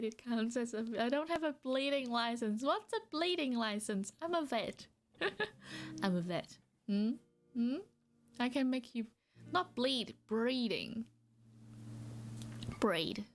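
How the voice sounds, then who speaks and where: A woman streamer chatting casually and playfully with her viewers, teasing and often giggling. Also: a little high. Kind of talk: casual live-stream chat.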